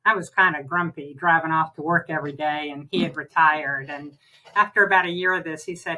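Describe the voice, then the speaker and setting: A woman's voice: deep voice, normal speed, low-quality recording. An older woman from New Jersey, an author being interviewed, telling chatty stories in a casual conversation. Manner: chatty storyteller, animated anecdotes. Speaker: author, guest.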